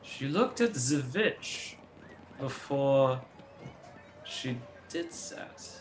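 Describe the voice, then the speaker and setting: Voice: mid-range voice, expressive, drawn-out words, soft background music. A player in a tabletop game talking casually in a laid-back way.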